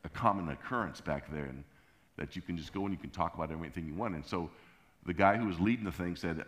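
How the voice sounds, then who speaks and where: Middle-aged man telling a lively sermon story. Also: fast talker. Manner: animated, acts out scenes and sounds with pitch jumps. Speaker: pastor.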